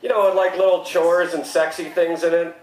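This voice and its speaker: A man in his thirties works through a stand-up set, his voice sitting a little high for a man. He delivers dry one-liners and then jumps into mock shock. The stage mic picks up a roomy, echoey club. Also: little pitch movement, brisk, darkish tone, slight background noise. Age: 30s. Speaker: stand-up comedian.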